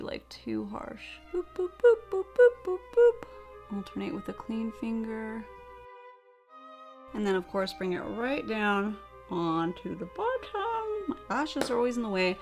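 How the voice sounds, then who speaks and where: A woman's voice: mid-range voice, animated, normal speed, gravelly, faint music behind. A young woman narrating a makeup tutorial, bubbly and chatty, with playful sound effects as she works. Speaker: beauty vlogger.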